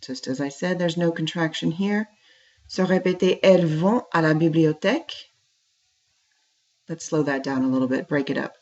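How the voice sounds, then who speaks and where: A woman with a deep, darkish voice moves at a fairly quick clip through a classroom French lesson. Patiently, she says French phrases and translates them, heard on a dull lo-fi recording.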